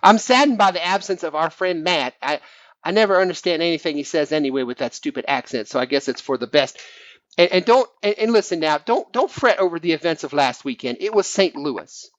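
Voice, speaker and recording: A man's voice: a little high, animated, brisk, fairly bright tone, no echo. A man voicing a self-appointed preacher who blesses his friends while slyly insulting them, in a sing-song preachy manner. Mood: sanctimonious. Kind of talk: comic preacher impression on a fan podcast.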